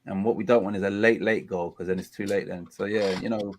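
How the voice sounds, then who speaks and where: A man, hosting a casual live watchalong of a football match. He complains about dull play and gets excited during attacks. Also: on the low side, a little fast, a little hiss or hum. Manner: chatty, groans at a dull game, excited bursts at attacks. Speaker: watchalong host.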